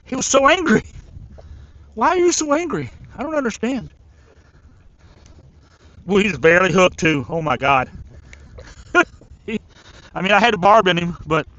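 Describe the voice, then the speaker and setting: A man streaming a fishing tournament live from a riverbank, chatting excitedly and talking to the fish he reels in. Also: high voice, lo-fi sound. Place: outdoors by a river.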